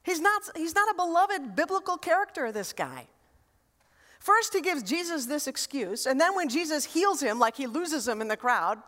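A woman pastor preaching a sermon in a conversational, expressive way, with rhetorical questions and emphatic repetition. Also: very high voice, normal speed. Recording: long reverb in a large hall.

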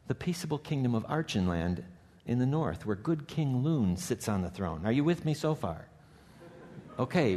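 A man preaching a sermon, praying softly and reading a story aloud, rising to urgent, emphatic peaks. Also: on the high side. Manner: soft hushed prayer voice. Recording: long hall reverb.

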